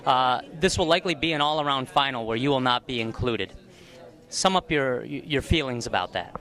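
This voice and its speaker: A man's voice: mid-range voice, expressive, moderate pace, fairly bright tone. A man interviewing athletes after a competition, upbeat and playful in his questions. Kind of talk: post-competition sports interview. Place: competition arena.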